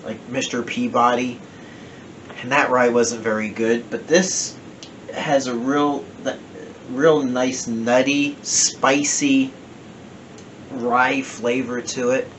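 A man's voice: medium pitch, flat delivery, slow pace, a bit bright, slight background noise. A man with a New Jersey accent chatting casually through a home whiskey review, rambling and correcting himself as he goes. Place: home den.

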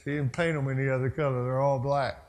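Male pastor, conversational sermon, mid-pitched voice, long reverb in a church sanctuary. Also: fairly even intonation, quick pace. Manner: conversational storytelling with asides.

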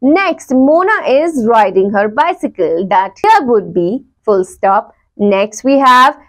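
A woman teacher, explaining a grammar lesson slowly and repeating each example. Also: on the high side, expressive.

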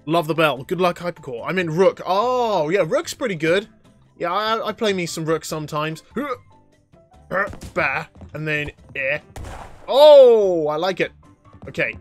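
Excitable young man streaming a game. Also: a little high, measured pace, soft background music. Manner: excitable, reads chat questions aloud and answers them, frequent laughter and outbursts. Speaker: gaming livestreamer. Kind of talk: live gameplay commentary.

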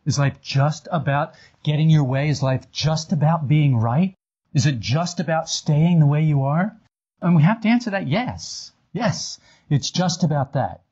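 A man's voice: a little high, a little slow, darkish tone, slightly rough, lo-fi sound. A man teaching esoteric ideas to a small group in a meeting room, acting out little dialogues with self-mocking humor. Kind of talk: animated talk to a small group. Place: meeting room with a live audience.

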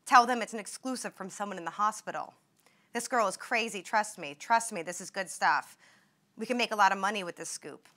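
A woman's voice: medium pitch, a little fast, pushed and bright, close to an everyday voice. A woman voicing an imagined hospital roommate who talks in an urgent, conspiratorial way.

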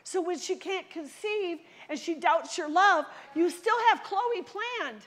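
Woman preacher, high voice, lively storyteller who plays out the dialogue, church sermon. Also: slow pace. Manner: animated storytelling, acts out quoted voices.

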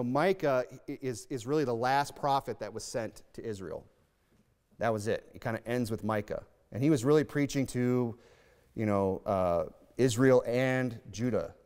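A man's voice: medium pitch, a little mellow, smooth. Emphatic preacher, man, echoing church hall. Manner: emphatic, conversational preaching with rhetorical questions. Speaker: pastor. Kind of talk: sermon. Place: church sanctuary. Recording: long hall reverb.

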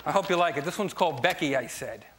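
A young man from New Jersey doing a stand-up set on a late-night TV show, with punchy, energetic joke delivery and loud asides. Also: a little high, fast, a faint crowd, slight background noise. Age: young adult. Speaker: stand-up comedian. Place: TV studio stage before a live audience. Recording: live TV studio with loud audience laughter.

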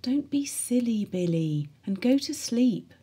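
A woman's voice: a little high, animated, a little slow, mellow, slightly rough, voice pushed up. A woman voicing a firm but soothing ward sister.

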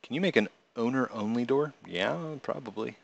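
Chatting casually on his live stream, a man who also makes games reads out viewers' comments and answers them playfully with plenty of laughter. His mid-range voice is creaky, he talks at a normal speed, and the sound is lo-fi.

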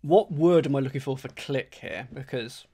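A man chats casually on a live stream. He mulls things over out loud, repeats phrases to himself and talks straight to his audience in a relaxed, conversational way. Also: medium pitch, slightly rough. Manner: thinks aloud, rereads clues slowly, chatty with viewers. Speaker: streamer solving a crossword.

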